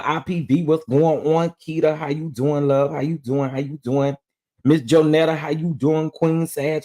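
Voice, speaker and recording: A man's voice: fairly high pitch, a little mellow. A man hosting a casual live stream, greeting viewers one by one in a drawling, affectionate way. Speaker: livestream host.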